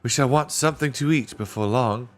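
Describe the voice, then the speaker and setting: A man's voice: medium pitch, fairly quick, soft background music, voice pushed up, close to an everyday voice. A man voicing a sensible but anxious older schoolgirl in a read-aloud storybook, in a raised, pleading girlish voice. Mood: practical.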